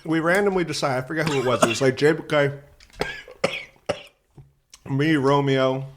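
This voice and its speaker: A man's voice: on the high side, normal speed, background noise. A man on a podcast telling a rambling, profane story in casual chat, often laughing. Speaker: podcast guest.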